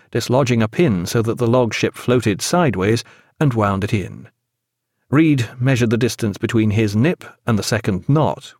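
A man's voice, sitting on the low side, narrates a novel in a measured, expressive manner. It's scripted audiobook reading, recorded dry at studio quality.

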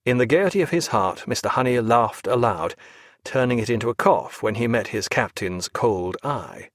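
A man reading a historical naval novel aloud as audiobook narrator, measured and expressive. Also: medium pitch, no echo, clean studio sound.

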